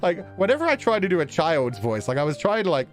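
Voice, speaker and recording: A young man streaming casually, chatting with viewers in an animated way, laughing often and swearing casually. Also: fairly high pitch, fast. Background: faint background music.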